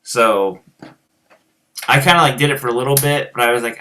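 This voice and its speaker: A man's voice: mid-range voice, a little fast, bright, forceful tone, slight background noise. A man with a rural American accent, chatting casually as a guitar teacher and host, rambling with many fillers and restarts. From United States. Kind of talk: casual chat answering viewers.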